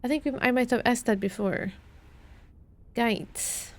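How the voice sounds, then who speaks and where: A woman's voice: a little high, unhurried. A young British woman streaming a puzzle game, muttering and thinking aloud as she repeats clues to herself.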